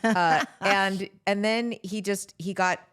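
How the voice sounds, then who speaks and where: A woman's voice: mid-range voice, steady tone, a bit bright, clear, resonant tone. Female co-host, eager reactions, everyday mid-range voice. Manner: chatty, reactive, quick to laugh. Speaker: podcast co-host. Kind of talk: casual chat.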